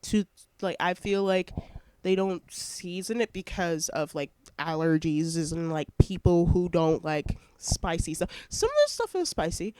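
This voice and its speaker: This is a college student, a young adult, vlogging from home over a headset microphone, with a blocked nose that keeps them sniffling. Their mid-range voice is expressive, smooth and a little mellow, pacing a bit slowly as they ramble with lots of fillers and interrupt themselves.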